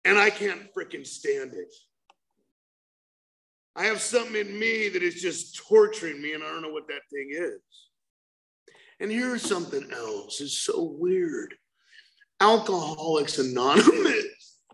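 Recovery-meeting speaker, male, high-pitched, animated confessional storytelling with loud bursts. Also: measured pace, gravelly, pauses often, rough recording. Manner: animated storytelling with bursts of shouting, repetitive fillers. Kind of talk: personal recovery share.

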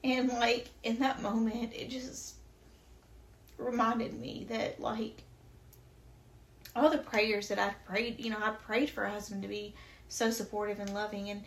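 A woman's voice: fairly high pitch, flat delivery, a little slow, long pauses, reverberant. Chatty woman telling a personal story. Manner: chatty, many fillers, emotional and faith-filled. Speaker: podcast guest.

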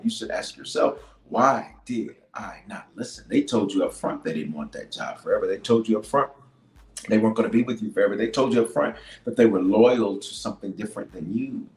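A man, a bishop, preaching a leadership sermon. He repeats key lines for emphasis and swings from loud declarations to hushed asides. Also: lowish voice. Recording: roomy echo with faint music.

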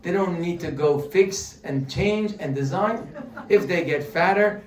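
Animated man teaching from afar. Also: high-pitched, a little slow. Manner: animated, joking, many rhetorical questions. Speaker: Torah teacher. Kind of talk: humorous religious lesson. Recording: roomy sound from a distant mic.

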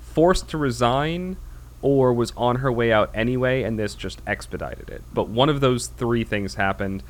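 A medium-pitched American man talks at a normal speed while hosting a podcast. It's casual, rambling conversation with many fillers and restarts.

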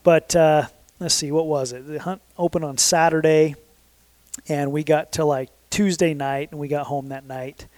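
Man, 30s, easygoing storyteller with a slightly high voice, dry close sound, meandering and self-correcting. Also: fairly even intonation, moderate pace, a little mellow, no room sound. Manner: rambling, self-correcting, frequent fillers. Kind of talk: casual storytelling. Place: southern Utah.

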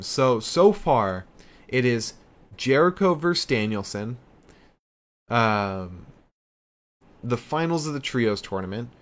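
A man giving a casual wrestling recap, rambling with many fillers and frequent swearing. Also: lowish voice.

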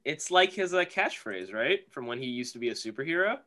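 A podcast co-host who drops dry, joking asides into a casual chat. The voice moves around a lot in pitch and has a bright, clear edge. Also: sing-song, brisk.

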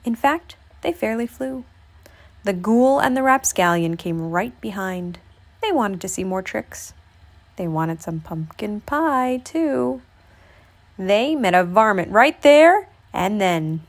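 Slow, expressive woman reading a picture book. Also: mid-range voice. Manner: expressive, lively read-aloud delivery. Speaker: storyteller.

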